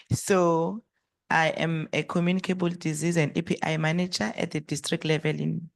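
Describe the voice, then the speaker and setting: A woman's voice: low-pitched, level tone, normal speed, gravelly. A woman from South Africa, a district health manager, introducing herself to a course group with light laughs between phrases.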